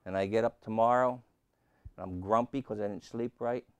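A pastor preaching a sermon and telling a humorous story, with lots of rhetorical questions. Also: male voice, fairly low pitch, steady tone, moderate pace, smooth, no room sound. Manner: humorous, repeats key lines.

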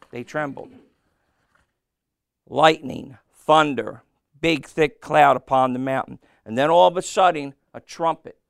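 Slow gravelly preacher man. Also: on the high side, dry recording, studio quality. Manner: slow, call-and-response questions to the congregation. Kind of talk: sermon.

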